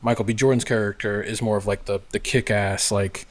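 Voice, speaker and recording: A man's voice: fairly low pitch, fairly even intonation, brisk. A man chatting casually, rambling through his theories with lots of fillers. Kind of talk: casual chat.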